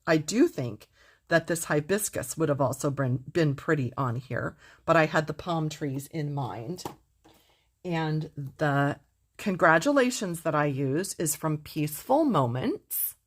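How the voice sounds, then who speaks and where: A woman's voice: low voice, lively intonation, a little slow. A middle-aged woman teaching card making in a casual demonstration, gushing with enthusiasm and talking straight to her viewers.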